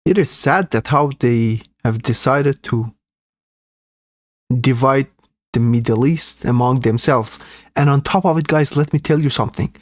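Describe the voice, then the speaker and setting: A man's voice: mid-range voice, a little slow, no echo, studio quality. A man hosting a live reaction stream, commenting earnestly and indignantly to his viewers.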